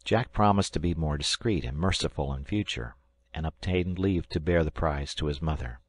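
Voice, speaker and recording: A man giving measured, scripted narration of an audiobook. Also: a bass voice, husky, dry recording. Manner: measured storytelling reading.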